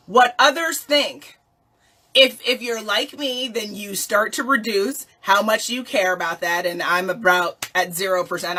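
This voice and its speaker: Woman, motivational talk, bright voice, animated, laughing, rhetorical. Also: mid-range voice. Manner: animated, playful, laughs often, asks rhetorical questions. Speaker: life coach.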